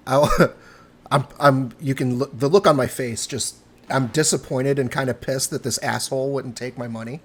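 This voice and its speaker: A man's voice: medium pitch, fairly even intonation, moderate pace. Guy playing d&d, joking around, swears a lot. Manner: casual, laughing, profane. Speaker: player. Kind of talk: casual tabletop play.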